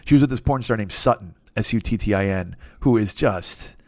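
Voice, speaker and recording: A man hosting a podcast, telling a crude comedic story in a rambling, profane way and often mimicking other people in high voices. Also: fairly quick, no room sound, studio quality. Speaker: podcast host.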